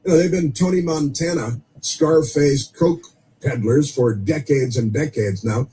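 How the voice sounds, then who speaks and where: Male talk radio host, sarcastic monologue, mellow tone, faint background noise. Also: a little high, a little slow, rough recording. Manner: sarcastic, scornful asides and mocking quoted voices.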